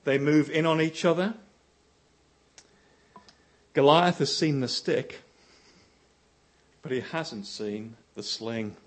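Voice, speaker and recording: A man preaching a sermon, telling a story with animation, his voice rising for quoted lines and sinking low to drive points home. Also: slow pace, pauses often.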